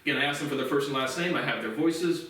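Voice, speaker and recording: A man's voice: mid-range voice, quick pace, a bit bright. A man giving a profane, aggrieved solo monologue full of restarts and repeated words. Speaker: host of a solo commentary series. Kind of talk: casual rambling monologue. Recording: very echoey room, voice from a distance off the mic.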